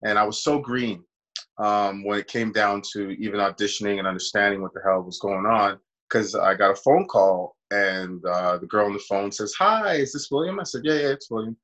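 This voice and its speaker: A man's voice: lowish voice, steady tone, moderate pace, a bit bright, highs cut off. A man, an actor, casually telling a long personal story in an interview and acting out the voices of people he quotes. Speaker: actor guest.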